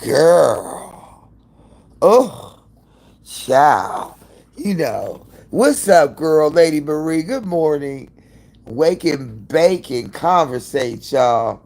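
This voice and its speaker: A man hosting a live stream, dishing gossip with plenty of cursing and theatrical flair. His voice sits fairly high and swings widely, slow and drawn out with a gravelly fry. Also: sing-song. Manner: profane, dramatic, gossiping. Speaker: livestream host. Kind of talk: casual live-stream chat.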